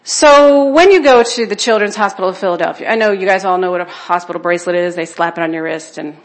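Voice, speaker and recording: A woman's voice: fairly low pitch, quick pace. A woman speaking at a church conference, sharing personal testimony in an emotional, conversational way and checking in with her listeners.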